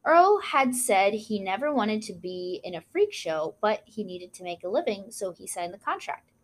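A woman's voice: medium pitch, big pitch swings, moderate pace. A woman co-hosting a casual chat, reading out history notes with frequent asides and apologies for mispronounced names. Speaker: podcast co-host.

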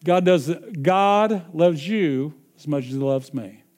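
A man's voice: on the high side, takes it slowly, darkish tone. A man preaching a sermon, emphatic and repeating his points with frequent chuckles.

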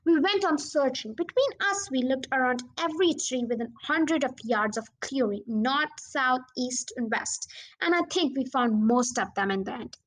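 A woman narrating a children's storybook as an audiobook reader, in a steady, plain reading manner. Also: high voice, moderate pace.

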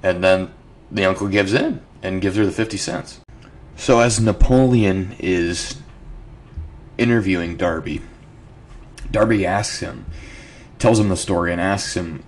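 A deep-voiced man hosting a book club podcast, chatting casually through a chapter. He likes to throw out incredulous rhetorical questions, and a faint hiss sits behind him. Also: a little slow, pauses often. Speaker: host.

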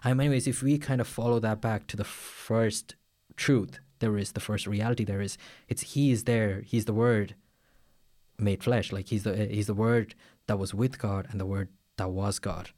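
A man's voice: fairly low pitch, steady tone, moderate pace, mellow. A man co-hosting a casual faith podcast, rambling with many fillers and restarts. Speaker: podcast co-host.

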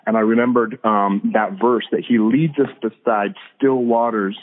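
Heard through a tinny, phone-like line, a man with a lowish, fairly even voice speaks at normal speed. His casual faith talk as a podcast guest is earnest and centers on hearing God, broken up by frequent restarts and fillers.

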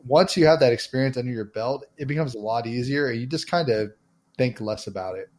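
A man's voice: medium pitch, brisk, darkish tone. A man hosting a podcast interview, speaking conversationally with frequent "you know" fillers. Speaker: podcast host.

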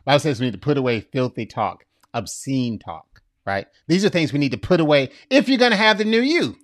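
A middle-aged man preaching a sermon in an animated way, often laughing at his own jokes. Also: mid-range voice, a little fast, dry recording, clean studio sound. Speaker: pastor.

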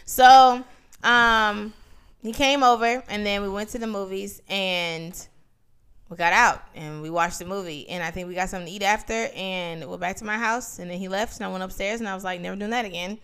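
A woman's voice: mid-range voice, steady tone, brisk, a bit bright, smooth. A woman co-hosting a podcast, telling a story in casual chat and acting out the dialogue with slang. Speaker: podcast co-host.

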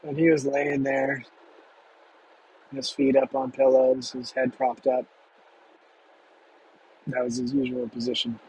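Male storyteller, young adult, hushed emotional delivery, faint noise behind. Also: medium pitch, completely flat delivery, poor audio. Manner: slow, emotional, hushed retelling. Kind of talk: personal storytelling.

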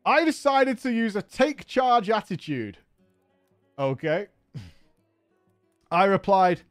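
A man's voice: high-pitched, very animated, takes it slowly, pauses often, dry recording, studio quality, faint music behind. A man hosting a podcast who reads a story aloud and breaks off into profane, laughing comic asides. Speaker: podcast host reading a story. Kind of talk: comedic story reading with commentary.

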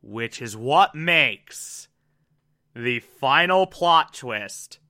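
Bright-voiced man recapping a TV episode. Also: mid-range voice, expressive, extremely slow. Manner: enthusiastic, swears, asides. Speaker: TV episode reviewer. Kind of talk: casual spoken episode recap and review.

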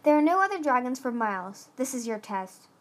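A woman's voice: high voice, sing-song, a little fast. A woman reading the part of a huge, cold male dragon who snaps out curt orders. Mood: stern.

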